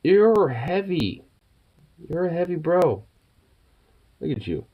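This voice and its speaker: A young man chatting affectionately with his dog in teasing baby talk, often yelping up high and laughing. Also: very animated, slow pace, dull audio. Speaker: vlogger. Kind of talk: casual talk to a pet dog.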